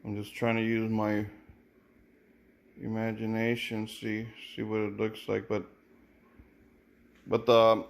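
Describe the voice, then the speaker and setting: A man's voice: on the low side, completely flat delivery, slow, gravelly, pauses often, slight background noise. A man casually reviewing sneakers, thinking aloud with many repeated words and restarts. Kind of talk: casual unboxing commentary.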